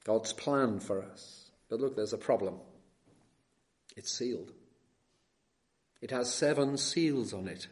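A man preaching an expository sermon, swinging between soft and loud emphasis and slowing down to stress key words, with questions put to the listeners. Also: medium pitch.

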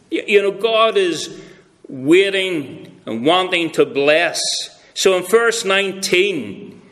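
A man's voice: high-pitched, fairly bright tone. A man preaching a sermon, earnest and emphatic, with many rhetorical questions.

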